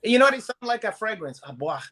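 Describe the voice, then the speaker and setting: A man with a Brazilian Portuguese accent, a podcast co-host trading goofy jokes and loud impressions in casual banter. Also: on the high side, lively intonation, normal speed. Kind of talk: joking banter.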